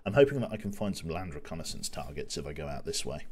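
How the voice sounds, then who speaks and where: A man's voice: rumbling low, lively intonation, fast, darkish tone. A young man streaming a video game, chatting and joking with his viewers while he plays. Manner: chatty, joking, talks to chat while playing. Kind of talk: casual gameplay commentary.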